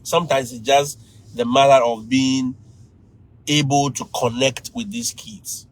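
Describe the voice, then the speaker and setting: A man with a Ghanaian accent, a teacher giving lively advice to fellow teachers on a livestream, often laughing and mimicking students. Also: mid-range voice, a little slow, low-quality recording.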